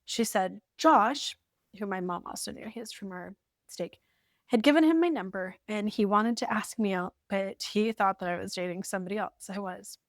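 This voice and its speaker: Woman in her 40s reading from her journal, wry, lighthearted, middle pitch, dry close sound. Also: moderate pace, no room sound. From United States. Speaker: vlogger. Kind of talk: storytelling while reading from an old journal.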